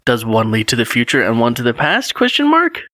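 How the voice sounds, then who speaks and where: Man, 30s, casual co-host chat, animated storyteller, bright voice, dry sound. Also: mid-range voice, fairly quick, dry recording. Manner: animated storytelling with chuckles, reading passages aloud. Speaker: podcast co-host. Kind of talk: casual chat retelling a gamebook read with his child.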